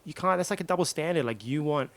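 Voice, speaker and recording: A man co-hosting a comedy podcast, telling a story in a lively, casual way and acting out other people's lines. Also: fairly high pitch, fast. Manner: animated, acts out other people's lines in quotes.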